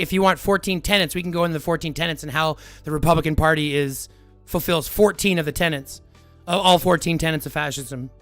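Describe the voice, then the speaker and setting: A man's voice: on the high side, fairly bright tone, dry recording. A man arguing heatedly with his live-stream chat, lecturing and repeating his points. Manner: combative, lecturing, repeats himself.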